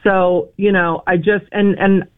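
A woman calling in to a radio talk show, speaking emotionally and haltingly, often restarting her sentences. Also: medium pitch, steady tone. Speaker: caller. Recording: tinny phone line.

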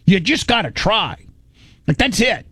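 Male host, casual chat, emphatic, a touch high, dry recording. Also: big pitch swings, measured pace, fairly bright tone, slightly rough, no room sound. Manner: blunt, rambling, emphatic.

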